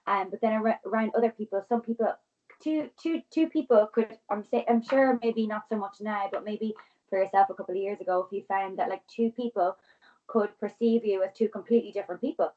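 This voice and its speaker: A woman in her twenties, a podcast guest, who talks quickly and earnestly and rambles with many restarts. Her voice sits mid-range for a woman. The audio is dull and muffled, as on a remote call. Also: medium pitch, steady tone. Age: 20s. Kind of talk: casual conversation.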